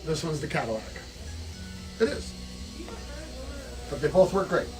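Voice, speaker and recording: A man's voice: fairly high pitch, lively intonation, measured pace, darkish tone, faint music behind, poor audio. Man tattoo artist with dry teasing jokes. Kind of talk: casual livestream chat.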